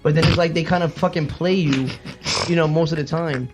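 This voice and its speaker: A young man rattling off crude stories at high speed, his voice sitting a bit high for a man. He jumps into mocking impressions of others mid-story. Faint music plays under the casual chat. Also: steady tone. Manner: fast, profane storytelling with mocking put-on voices. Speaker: podcast co-host.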